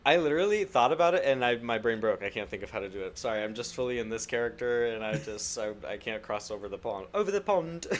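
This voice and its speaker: Low-voiced playful man, teasing. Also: fast talker, few pauses, a little hiss or hum. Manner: playful, teasing, laughs easily. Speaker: podcast co-host. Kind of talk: casual chat.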